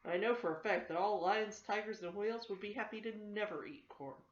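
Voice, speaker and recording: A woman's voice: mid-range voice, brisk, lightly acted. Woman doing an earnest little frog. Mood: eager. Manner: eager, polite. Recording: roomy, slightly dull home recording.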